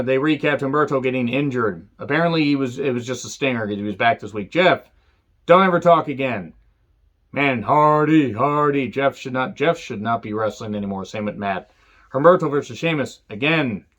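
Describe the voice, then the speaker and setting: Speaking at a normal speed in a medium-pitched voice, a man reviews a wrestling show as a profane, casual rant. His sarcasm is dry, punctuated now and then by abrupt, sharp outbursts.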